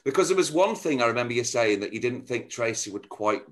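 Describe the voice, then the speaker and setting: A man's voice: medium pitch, animated, fast. A male interviewer asking questions in a chatty, eager way.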